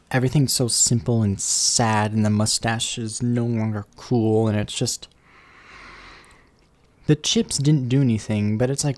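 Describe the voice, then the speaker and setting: A man's voice: on the low side, unhurried, darkish tone. A man chatting casually on a live stream from home, rambling and playful, full of asides. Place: warm room at home. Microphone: desk microphone. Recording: slight background hum.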